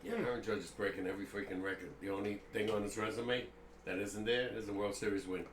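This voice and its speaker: A man's voice: fairly low pitch, fairly even intonation, quick pace. An older man co-hosting a live sports stream, talking baseball in an easygoing, reminiscing way. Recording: roomy echo with faint background noise.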